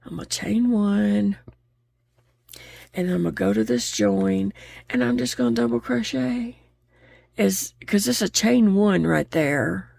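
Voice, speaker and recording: A woman's voice: medium pitch, big pitch swings, measured pace, gravelly, long pauses, darkish tone, no echo. A woman chatting openly while she crochets, laughing easily as she talks. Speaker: crochet vlogger. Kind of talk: casual chat while crocheting.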